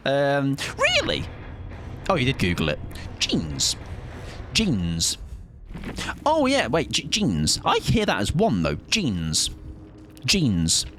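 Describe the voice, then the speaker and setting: A man in his late twenties holds a casual live-stream chat with his viewers, his pitch swinging about animatedly. He is playful and argumentative, repeating words over and over to test how they sound. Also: wildly swooping pitch, takes it slowly, long pauses, fairly bright tone, slight background noise. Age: late 20s. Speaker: game streamer.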